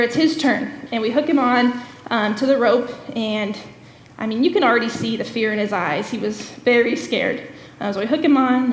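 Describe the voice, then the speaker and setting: A woman with a fairly high voice gives a guest message in a church, telling camp stories in an earnest, unpolished way with plenty of "um"s. Her voice rings out into a roomy sanctuary, and a long reverb trails behind each phrase. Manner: earnest storytelling with frequent "um" fillers. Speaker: camp executive director, guest speaker.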